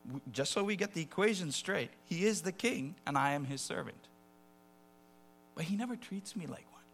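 A man preaching a sermon in a fairly high voice, talking in a lively, conversational way. He drops low for quiet asides and then bursts out loud when he acts out quotes. A faint hum runs under the recording. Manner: animated, swings between soft asides and loud acted quotes.

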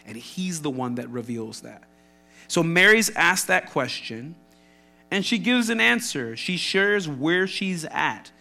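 A man's voice: a little high, lively intonation, takes it slowly, vocal fry, sharp tone, soft background music. A man preaching a sermon, emphatic, asking rhetorical questions and acting out quotes.

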